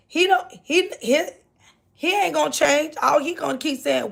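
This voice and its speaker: A woman's voice: sits high, normal speed, creaky, fairly bright tone. An older woman speaking gives an inspirational faith talk to her livestream viewers, repeating her phrases and greeting them by name. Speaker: livestream host.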